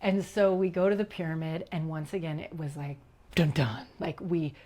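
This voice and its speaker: A woman guest recounting a personal experience in an interview, animated and giggly, acting out quotes and dropping to a whisper at tense moments. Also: deep voice, normal speed. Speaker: leadership coach, guest. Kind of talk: personal storytelling in a podcast interview.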